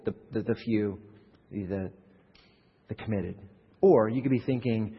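A man preaching a sermon as pastor, animated and acting out quoted voices, with frequent repeated words. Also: mid-range voice, normal speed, husky. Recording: muffled hall recording from a distance.

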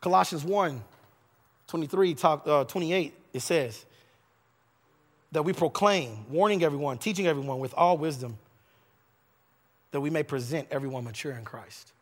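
A man's voice: on the high side, moderate pace, pauses often, long reverb tail. A male pastor preaching a sermon, building emphatic repeated phrases and stumbling into restarts now and then.

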